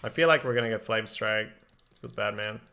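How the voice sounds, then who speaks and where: Gravelly streamer, chatting. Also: male voice, on the low side, brisk, sharp tone. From Belgium. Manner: chatty, thinks aloud while answering chat. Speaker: game streamer. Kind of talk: casual live-stream commentary.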